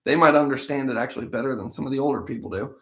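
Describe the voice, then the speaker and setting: A man's voice: medium pitch, very fast. Man casually explaining scripture aloud. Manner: conversational and thinking aloud, with frequent restarts and hedges. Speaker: Bible-in-a-year podcast host. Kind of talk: reading scripture aloud, then casual commentary.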